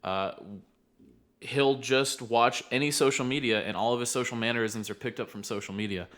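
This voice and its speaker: A man's voice: medium pitch, normal speed, fairly bright tone. A young man, a behavioral therapist co-hosting a podcast, explaining things earnestly in casual chat and laughing easily.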